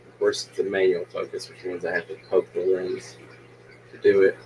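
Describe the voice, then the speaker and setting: A man's voice: low-pitched, flat delivery, normal speed, muffled recording, a little hiss or hum. A man hosting a livestream, easygoing and self-deprecating in casual chat. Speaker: livestream host.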